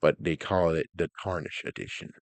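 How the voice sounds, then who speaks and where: A young man casually commenting on game announcements, rambling, ranting loudly at times and then trailing off into mumbles. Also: a bass voice, fairly even intonation, a little fast, dry recording. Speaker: gaming vlogger.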